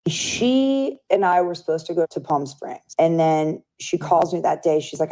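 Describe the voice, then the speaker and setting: Chatty woman with a mellow voice. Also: sits low, animated, measured pace, few pauses. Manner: chatty, filler-heavy, acts out quoted voices. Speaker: friend recounting events. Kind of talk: casual interview storytelling.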